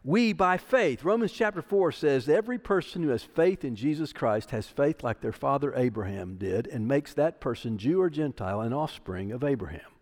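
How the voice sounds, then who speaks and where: Emphatic preacher man, lively pitch. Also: normal speed, hardly any pauses, big-room sound. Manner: emphatic, repeating key phrases for stress. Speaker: pastor. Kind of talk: sermon. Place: church sanctuary.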